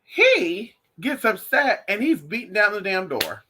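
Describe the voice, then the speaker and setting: A woman talking casually to her viewers in a lively, sassy way, often calling them honey and y'all. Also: medium pitch, a little slow, breathy edge. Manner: animated, sassy, calls listeners honey and y'all. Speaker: spiritual class teacher, vlogger.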